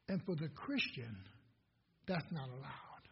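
A pastor delivering a sermon in a strikingly high, husky voice. He pulls the congregation in with questions and repeated phrases, and his voice carries through a big echoing hall. The lo-fi recording softens the top end. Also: lively intonation, a little slow, pauses often. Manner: preaching with call-and-response questions, swinging from hushed to loud. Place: church sanctuary. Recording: dull lo-fi recording in a reverberant hall.

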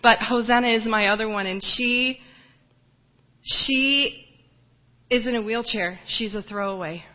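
A woman giving a lively personal ministry report to her home church, telling stories with many restarts and fillers. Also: fairly high pitch, measured pace, long pauses, long reverb tail, dull audio.

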